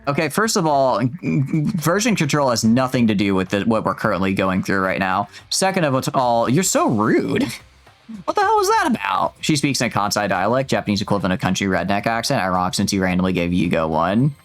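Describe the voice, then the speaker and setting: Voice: mid-range voice, big pitch swings, a little fast, faint music behind. A streamer commentating a game, joking and sarcastic, with crude asides. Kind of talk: game commentary and reading dialogue aloud.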